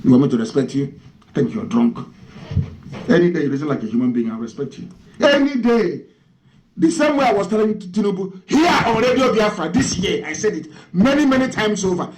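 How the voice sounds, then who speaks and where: Fiery, high-pitched Nigerian man ranting. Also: expressive, brisk, a little mellow, low-quality recording. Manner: fiery, mocking rhetorical questions. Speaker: radio broadcaster. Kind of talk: impassioned radio address.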